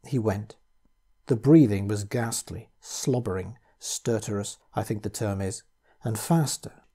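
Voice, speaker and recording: A man giving a measured, grave first-person reading of a horror story. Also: fairly low pitch, dark tone, husky. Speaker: audiobook reader.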